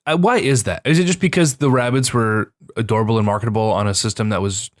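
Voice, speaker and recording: Animated young podcast man, dry mic. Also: on the low side, no room sound. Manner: animated, quick reactions and swearing. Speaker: podcast co-host. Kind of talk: casual chat.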